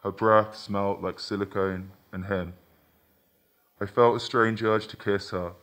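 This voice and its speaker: A man with a fairly low voice reads a first-person short story aloud. His delivery is measured and intimate, moving through the scene steadily. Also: little pitch movement, fairly bright tone. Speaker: author reading a story. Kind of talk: literary reading of a short story.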